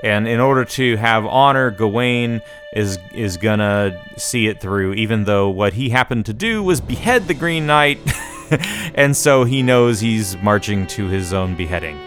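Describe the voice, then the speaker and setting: A man co-hosting a podcast, chatting casually about movies and telling the story with emphatic, animated delivery. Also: on the low side, unhurried, soft background music. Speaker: podcast co-host. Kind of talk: casual movie review chat.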